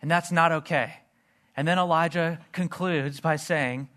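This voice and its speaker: Pastor, male, earnest sermon delivery, voice sits a bit high. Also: fairly even intonation, unhurried, a bit bright.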